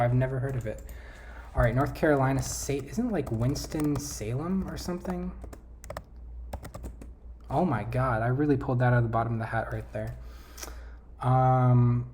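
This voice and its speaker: Vlogger, casual thinking-aloud chatter, mid pitch, light hiss underneath. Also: a little mellow. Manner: thinking aloud, trailing off, self-correcting. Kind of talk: casual talk over a map quiz game.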